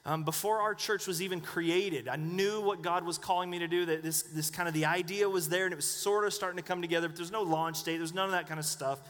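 Male pastor, talky sermon delivery to a congregation, pitched high, church reverb. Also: fairly even intonation, quick pace, hardly any pauses, a bit bright. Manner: conversational, asks the congregation questions.

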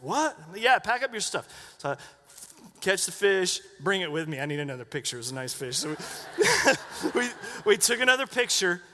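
A man's voice: high-pitched, sharp tone. A middle-aged man preaching, telling a chatty story full of asides and acted-out quotes to his congregation. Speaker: pastor. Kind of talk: sermon story. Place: church sanctuary. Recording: long reverb of a church hall.

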